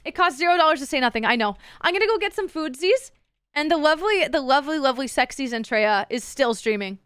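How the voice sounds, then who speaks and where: A woman's voice: high-pitched, animated, quick pace, fairly bright tone, no room sound, studio quality. A woman streamer chatting casually with her live chat, playful and teasing, swearing freely. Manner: playful, crude, swears a lot, teases chat.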